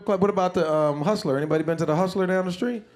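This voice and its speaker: A middle-aged male comedian doing a loud, animated stand-up set on a club stage, shouting punchlines. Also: high voice, fast. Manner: loud, animated delivery with frequent laughs and shouts. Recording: live club with crowd and noise.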